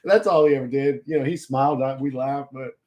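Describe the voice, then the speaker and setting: A man's voice: mid-range voice, a little fast. A man talking on his livestream in a casual, emotional way, swearing and laughing as he goes. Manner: animated, emotional, profane; laughs often mid-sentence.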